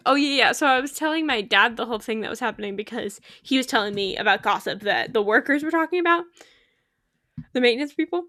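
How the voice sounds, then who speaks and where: A bubbly young woman chatting through a game stream, giggling and getting excited as she talks. Her voice sits a little high, and the sound is close and dry, with no room around it. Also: fast talker, no echo. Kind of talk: casual gaming stream chat.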